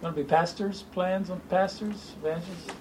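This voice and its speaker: A man preaching an informal sermon to a small group, animated and joking. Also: high voice, moderate pace, a little hiss or hum, rough recording. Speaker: pastor.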